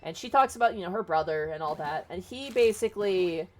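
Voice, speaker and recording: A woman's voice: lowish voice, animated, fairly quick. A woman streamer casually retelling a book, chatty and rambling, with plenty of swearing. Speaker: VTuber streamer.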